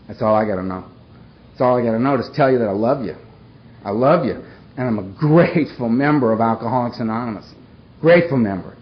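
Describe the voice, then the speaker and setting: A man speaking to a recovery meeting, repeating phrases and acting out his own thoughts, with bits of laughter, recorded at a podium microphone in a meeting hall. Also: medium pitch. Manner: repetitive, reenacting his own inner thoughts with bursts of laughter. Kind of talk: personal recovery talk to a live audience. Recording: dull lo-fi tape with faint hiss.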